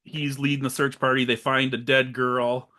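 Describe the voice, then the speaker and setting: A man's voice: mid-range voice, flat delivery, moderate pace, sharp tone. A man co-hosting a podcast, casually recapping a horror film and acting out its lines in funny voices. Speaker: podcast co-host.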